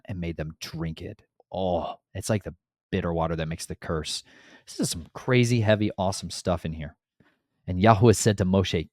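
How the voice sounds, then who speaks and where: Male Bible teacher, low voice, animated and slangy, dry recording. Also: no echo. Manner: animated, slangy, exasperated storyteller. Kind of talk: casual Bible teaching podcast.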